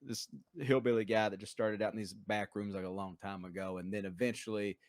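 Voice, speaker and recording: A man's voice: fairly low pitch, steady tone, brisk, dry recording. A man speaking as a guest on a casual podcast who rants emphatically about gambling. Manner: emphatic, ranting. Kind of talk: casual chat.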